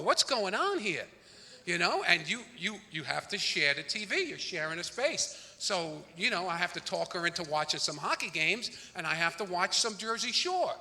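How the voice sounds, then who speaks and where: A man doing a brash, rapid-fire stand-up comedy routine on a theater stage. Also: fairly high pitch, sharp tone. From New York, the Bronx. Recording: live theater reverb, faint room noise.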